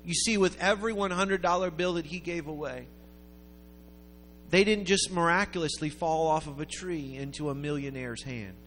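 Man preaching, fairly high voice, long hall echo, faint music under, rambling story building to loud peaks. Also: normal speed, slight background noise. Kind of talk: sermon storytelling.

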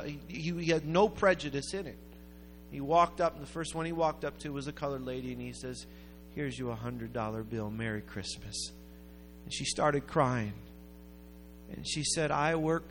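A man preaching a sermon, telling a story in a rambling way that builds to loud, emphatic peaks. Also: on the high side, slight background noise. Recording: long hall reverb with faint music.

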